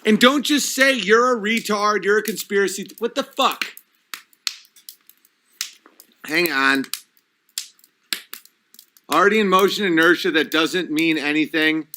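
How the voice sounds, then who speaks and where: A man's voice: high-pitched, normal speed, bright, forceful tone, slight background noise. A man hosting a livestream who rants and swears while he reads chat comments aloud and argues back at them. He says he has had a few drinks. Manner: agitated, profane, reading chat comments aloud. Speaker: livestream host.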